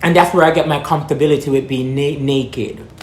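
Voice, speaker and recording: A woman's voice: sits low, steady tone, brisk, a little mellow, reverberant, a little hiss or hum. A woman from Jamaica with a Jamaican accent, talking frankly and rambling to her viewers in a casual vlog. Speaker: vlogger. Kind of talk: casual talk to camera.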